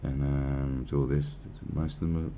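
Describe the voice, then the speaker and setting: A man's voice: extremely low pitch, level tone, moderate pace, warm tone, slight background noise. A man giving profane, rambling, sarcastic commentary on a news article.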